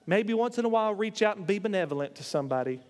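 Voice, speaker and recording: A man's voice: high-pitched, animated, quick pace, darkish tone, long reverb tail. A man preaching a sermon in a church, emphatic and rising into impassioned declarations, with jokes along the way.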